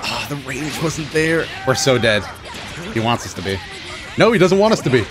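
A man giving excited, self-mocking commentary over his own fighting-game matches, groaning at losses and cheering at wins. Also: mid-range voice, normal speed. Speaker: gaming channel host. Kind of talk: live gameplay commentary. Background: game music and sound effects.

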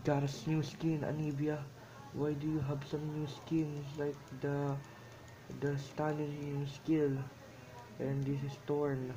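A man's voice: on the high side, completely flat delivery, takes it slowly, noisy background. A man giving rambling, self-amused commentary as he draws, in broken English phrasing. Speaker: drawing vlogger. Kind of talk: rambling commentary while drawing.

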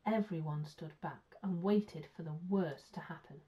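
A woman teacher reading a children's story aloud with clear, expressive storytelling. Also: sits low, a little slow. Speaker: primary school teacher. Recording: muffled lo-fi sound.

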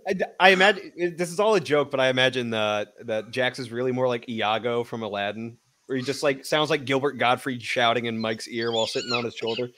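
Wisecracking man with a bright edge. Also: medium pitch, quick pace, few pauses. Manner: wisecracking, profane, rambling jokes. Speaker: guest. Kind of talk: casual livestream chat.

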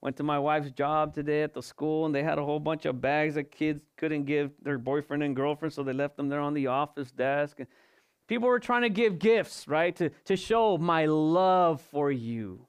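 Clear-voiced male pastor preaching. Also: on the high side, normal speed. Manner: rhetorical questions and emphatic repetition. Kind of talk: evening sermon. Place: church service.

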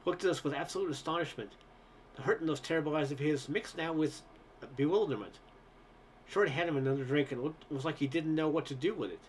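Man, audiobook narration, relaxed storytelling, occasional stumbles, fairly high voice, faint background noise. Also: quick pace. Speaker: story reader.

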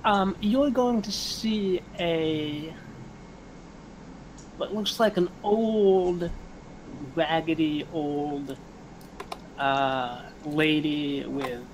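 A game master narrates a tabletop game very slowly, stopping often on ums and uhs. A faint hiss runs under the voice. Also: mid-range voice, low-quality recording. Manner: hesitant, many ums and uhs.

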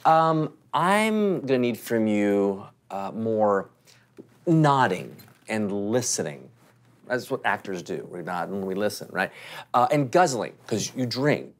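A woman's voice: very deep voice, big pitch swings, slow pace, heavily acted. An actress playing a condescending casting director who is patronizing to the auditioner, then gushes over her, then brushes her off. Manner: patronizing, then starstruck and gushing.

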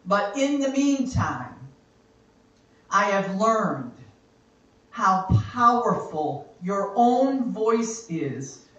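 A woman leads worship in a church, speaking very slowly and with weight, stacking repeated phrases one on another. Her tone is bright and forceful. She is picked up from across a very echoey church hall. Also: mid-range voice, very animated, far from the mic, dull audio. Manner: slow, emphatic, repeating phrases for effect. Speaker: worship leader. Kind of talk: spoken exhortation during worship. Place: church sanctuary.

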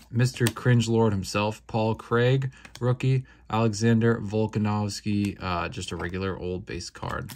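A young man hosting a casual card-opening video, talking in a laid-back, slangy way with quick bursts of excitement. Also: on the low side, slight background noise. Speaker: card-opening channel host. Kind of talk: casual unboxing commentary.

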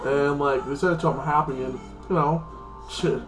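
A man's voice: fairly high pitch, fairly even intonation, normal speed, roomy sound, over music, rough recording. A man hosting his own channel, recapping a TV episode in a casual, rambling way, full of fillers. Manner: rambling, heavy with fillers like "like" and "freaking". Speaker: channel host reviewing a TV episode.

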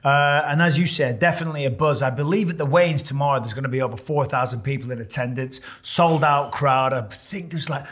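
A middle-aged man talking as a fight analyst on a sports preview show, animated and jokey as he breaks down fighters' styles. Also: medium pitch, brisk, few pauses.

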